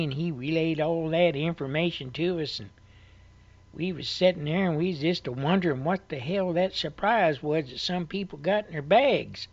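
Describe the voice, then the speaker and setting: A man's voice: fairly high pitch, highs cut off. Folksy man telling a rambling tale. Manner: rambling, colloquial, swearing. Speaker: radio show host. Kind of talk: folksy anecdote storytelling.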